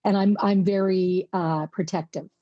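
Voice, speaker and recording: A woman's voice: medium pitch, fairly even intonation, measured pace, no echo, highs cut off. A woman co-hosting a podcast in casual conversation, affirming her guest and asking follow-up questions. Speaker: podcast co-host.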